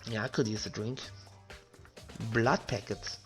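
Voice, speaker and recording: A man's voice: on the low side, steady tone, unhurried. A man playing through a video game and talking over it, joking and reading the on-screen text aloud. His talk is loose and casual, and faint music plays behind him. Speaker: let's play gamer. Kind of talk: casual gameplay commentary.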